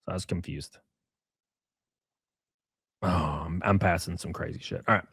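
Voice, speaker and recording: A man's voice: sits low, fairly even intonation, normal speed, creaky, a bit bright, breathy edge, dry recording, studio quality. A man giving casual, profane commentary as host, reading messages aloud and mocking their subject with sarcasm and laughter.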